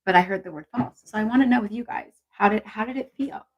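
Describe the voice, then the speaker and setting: Woman w/ a breathy husky voice, casual encouraging chat on a live stream. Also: mid-range voice, fast talker, muffled recording. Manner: chatty, encouraging, reads viewer comments aloud. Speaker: intuition coach hosting a live stream.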